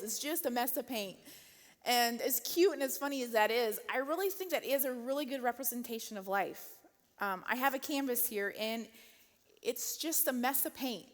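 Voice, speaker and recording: A woman speaks from a church stage in a relaxed, conversational sermon, dotting her sentences with small laughs and filler words. Her voice sits a little high for a woman. A long reverb from the large hall trails after each phrase. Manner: chatty, laughs often, many "um" and "like". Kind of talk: casual sermon talk. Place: church auditorium.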